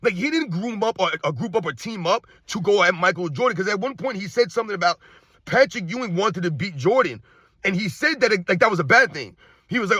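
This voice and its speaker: Man, sports rant host, bright tense tone, husky, exasperated rhetorical questions. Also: high-pitched, expressive, brisk, no room sound. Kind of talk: ranting commentary.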